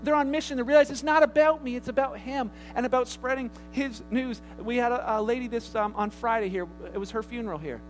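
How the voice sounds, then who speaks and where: A pastor delivers his sermon in a notably high male voice. He tells stories loosely and lively, often restarting a sentence or slipping in an aside. Soft music lingers faintly beneath him in the church. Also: fairly quick, few pauses, rough recording. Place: church sanctuary.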